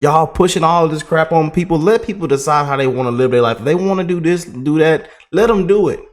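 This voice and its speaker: A man's voice: a little high, a little fast. A man ranting in a casual, repetitive and colloquial way as a political commentary vlogger.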